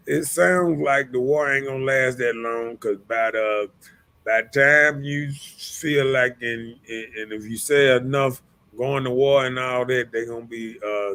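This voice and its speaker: A man's voice: mid-range voice, gravelly, sharp tone. A man hosting a casual talk stream, rambling with lots of repeated words and fillers. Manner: rambling, repeats words, often says "you know what I'm saying". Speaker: host. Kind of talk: casual livestream chat.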